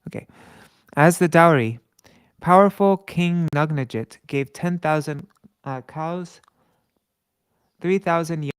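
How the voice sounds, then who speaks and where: A man reading scripture aloud with commentary. He chants verses slowly and stops to correct his own slips. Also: a little high, clean tone, no room sound. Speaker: scripture reader.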